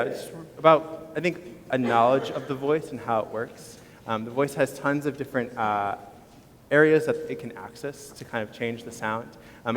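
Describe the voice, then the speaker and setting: A man, a choir director, explaining vocal exercises to a concert audience in a casual, teacherly way. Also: medium pitch. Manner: casual, relaxed teacherly talk with fillers. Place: school concert stage. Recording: long hall reverb.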